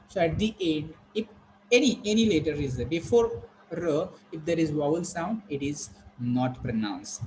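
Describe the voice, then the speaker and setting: Man teaching pronunciation, fairly high voice. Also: a little mellow, slight background noise, rough recording. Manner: patient, repeats words slowly and asks the class questions. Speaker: English teacher. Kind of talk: classroom pronunciation lesson. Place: classroom.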